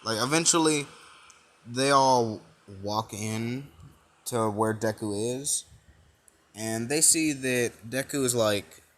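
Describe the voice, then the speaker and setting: A man's voice: mid-range voice, slow pace. A young man improvising a fan-fiction retelling, rambling with lots of fillers and restarts. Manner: rambling, full of "like" and "you know", restarts. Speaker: fan storyteller.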